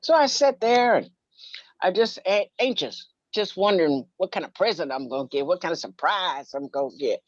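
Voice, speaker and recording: A woman's voice: on the low side, animated, normal speed, no echo. A woman, telling a personal story and acting out childhood dialogue. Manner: acts out childhood dialogue, sings a playground rhyme. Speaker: minister and storyteller guest. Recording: dull, dry, muffled sound.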